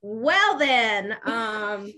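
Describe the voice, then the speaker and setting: A woman co-hosting a laid-back podcast, her voice a touch high. She chats in an upbeat, giggly way, stringing thoughts together with "like" and "you know". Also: big pitch swings, drawn-out words, pushed and bright. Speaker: podcast co-host. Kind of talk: casual podcast chat.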